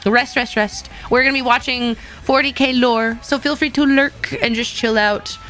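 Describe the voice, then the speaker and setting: A woman's voice: on the high side, fairly even intonation, moderate pace, fairly bright tone, soft background music. A woman streamer casually chatting with her viewers in a playful, rambling way, often laughing and repeating herself. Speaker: VTuber streamer.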